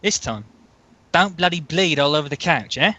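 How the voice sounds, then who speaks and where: A man voicing a gruff Australian male underworld contact with a put-on Australian accent and blokey slang. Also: fairly high pitch, lively intonation, moderate pace, pushed and bright.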